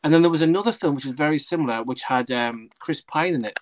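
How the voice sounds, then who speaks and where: A man's voice: on the high side, fast talker, poor audio. A man chatting about films on a live stream over a video call, rambling, losing track of names and swearing. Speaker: panelist on a movie live stream. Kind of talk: casual chat.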